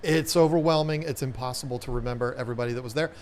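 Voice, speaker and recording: A man's voice: medium pitch, rapid-fire, a little mellow. A middle-aged man co-hosting a casual live stream with his wife, joking and rambling. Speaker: co-host.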